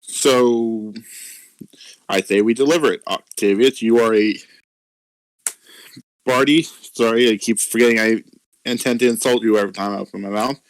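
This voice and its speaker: A man playing a tabletop game, animated and bossy in his banter with the other players. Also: lowish voice, brisk, dry recording. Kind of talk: tabletop role-play.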